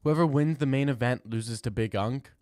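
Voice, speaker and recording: A young man streaming live, reading chat and answering in loud, mock-outraged rants. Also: medium pitch, moderate pace, dry recording, studio quality.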